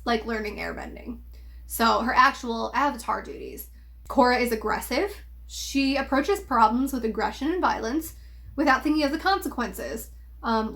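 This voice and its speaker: A young woman giving an opinionated, emphatic video commentary, pausing often with ums. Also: on the high side, a bit bright. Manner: critical, emphatic, with frequent ums. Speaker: video essayist.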